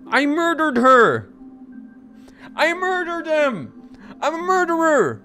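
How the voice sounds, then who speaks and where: A man hosting a gaming video and reacting with loud, excited, shocked outbursts. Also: extremely high pitch, slow, faint music behind. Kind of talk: playing a game and reacting.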